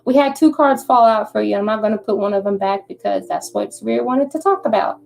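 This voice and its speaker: A woman's voice: mid-range voice, a little fast, creaky, darkish tone, a little hiss or hum. A woman doing a live-stream tarot reading, chatty and reassuring, often checking in with "okay?". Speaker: tarot reader.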